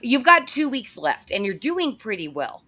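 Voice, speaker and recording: A woman hosting an interview, chatting casually and telling animated anecdotes. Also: a little high, normal speed. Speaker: interviewer, host.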